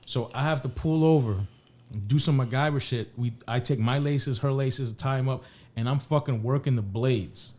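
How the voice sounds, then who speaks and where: A man's voice: medium pitch, moderate pace, darkish tone. Male podcast co-host, loose profane storyteller, restarts mid-sentence. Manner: rambling, profane, restarts often. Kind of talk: casual storytelling chat.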